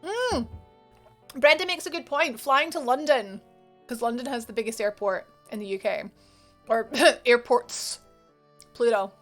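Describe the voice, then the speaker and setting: A woman's voice: on the high side, measured pace, long pauses, a bit bright, soft background music. A woman with a Scottish accent, chatting casually with viewers on a live game stream, rambling and laughing often.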